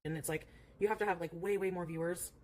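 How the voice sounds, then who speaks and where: A woman's voice: fairly low pitch, steady tone, fast, a little mellow, slight background noise. A woman streamer chatting casually in a rambling way, full of fillers, and cooing at her cat between remarks. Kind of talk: casual livestream chat.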